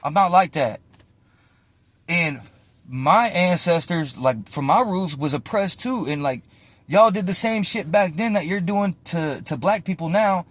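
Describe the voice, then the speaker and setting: A man's voice: a little high, dry recording. Heated, profane young man venting. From United States. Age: 20s. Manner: heated, profane, slangy, repeats "bro". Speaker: vlogger. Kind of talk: casual rant to camera. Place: inside a parked car.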